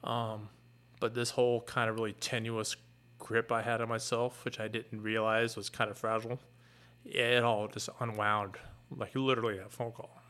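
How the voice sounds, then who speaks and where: A middle-aged man, a fire captain, earnestly retelling a painful personal story in a candid, halting way. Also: lowish voice, flat delivery, a bit bright.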